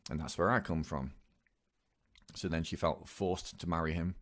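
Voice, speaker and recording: A young man speaking in a hesitant, halting way, with many pauses and restarts, in a personal confessional monologue. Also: deep voice, fairly bright tone. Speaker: vlogger.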